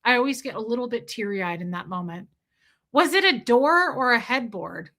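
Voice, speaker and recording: A woman's voice: fairly high pitch, expressive, moderate pace, pushed and bright. A woman in her thirties hosting a livestream, chatting casually with viewers and reading their comments, rambling from topic to topic with the odd swear. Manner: rambling, chatty, swears, mimics movie lines. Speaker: livestream host reading chat. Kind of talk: casual chat with live viewers.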